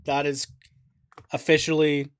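A man's voice: on the high side, monotone, unhurried, dry recording. A man co-hosting a podcast, joking in a sarcastic, profane way. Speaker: podcast co-host. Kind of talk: casual podcast banter.

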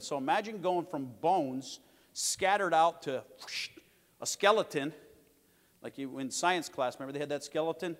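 A middle-aged male pastor preaching a sermon, telling lively stories with joking asides and calling out for amens. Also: fairly high pitch, normal speed. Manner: lively storytelling with joking asides and calls for amen. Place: large church sanctuary. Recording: long reverb of a big church hall.

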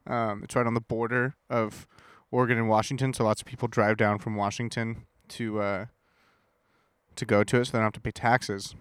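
A man's voice: on the low side, brisk, smooth, dry recording, clean studio sound. A man co-hosting a podcast in casual chat, telling stories with lots of swearing and acting out the people he met. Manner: animated storyteller, profane, acts out people he met. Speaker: podcast co-host.

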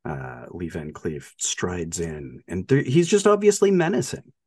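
Male podcast co-host, slightly husky, animated and rambling, restarts a lot, dry room. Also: sits low, dry recording. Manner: halting, many restarts and fillers, laughs often. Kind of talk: casual film discussion.

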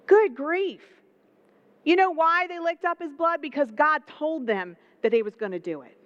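A woman's voice: high voice, unhurried, fairly bright tone. A woman teaching a Bible passage in a casual, humorous way with slang asides, in a dull lo-fi recording.

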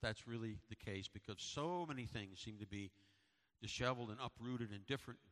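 A man's voice: on the low side, a little fast, fairly bright tone. A middle-aged man, a pastor, giving a sermon and church announcements in a conversational, storytelling way with repetitions. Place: church sanctuary. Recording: long hall reverb.

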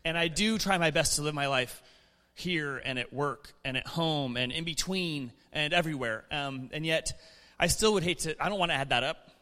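A man preaching a sermon in a relaxed, conversational way, chuckling and restarting his sentences as he reads and explains scripture in church. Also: fairly high pitch, moderate pace, big-room sound.

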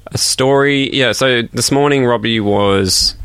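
A man's voice: mid-range voice, a little slow, a bit bright, clean tone, no echo. A young man, co-hosting a radio show, easygoing and keeping things moving. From Australia. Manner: easygoing, moves the show along. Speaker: radio co-host. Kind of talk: casual radio banter.

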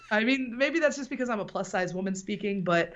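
A woman's voice: mid-range voice, animated, normal speed, highs cut off. A woman hosting a casual chat, telling a story in a rambling way and laughing often. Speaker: podcast host.

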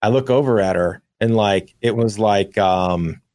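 A young man co-hosting a podcast, telling a long profane anecdote in a rambling, animated way. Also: fairly low pitch, measured pace, dry recording. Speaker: podcast co-host. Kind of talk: casual storytelling.

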